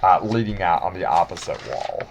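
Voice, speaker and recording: A man's voice: sits low, lively intonation, a little fast, creaky, slight background noise. A man narrating a tabletop game as game master, casual and rambling, with many restarts.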